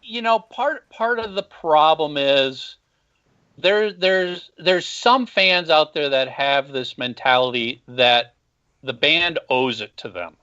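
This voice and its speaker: A man's voice: fairly high pitch, takes it slowly, pushed and bright. Blunt, opinionated man on a muffled call-in line. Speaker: podcast host and former band marketer. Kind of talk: casual call-in interview. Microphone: phone call.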